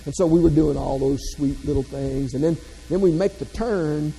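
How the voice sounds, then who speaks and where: A man's voice: on the high side, normal speed, creaky, warm tone, in a large hall, soft background music, low-quality recording. A man from the American South, giving a motivational keynote full of folksy, self-deprecating humor. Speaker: motivational speaker.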